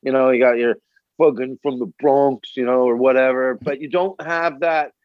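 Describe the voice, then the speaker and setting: A man's voice: medium pitch, fairly even intonation, normal speed, no room sound, phone-quality sound. A man with a North American accent, co-hosting a podcast in a laid-back, rambling way and swearing freely. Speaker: podcast co-host. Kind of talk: casual chat.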